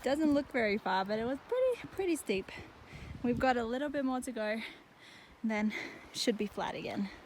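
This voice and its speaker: A woman's voice: a little high, very animated, normal speed, a little mellow, a little hiss or hum. A young woman vlogging casually to camera while hiking on a mountain trail, chatty and often out of breath. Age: young adult. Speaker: travel vlogger.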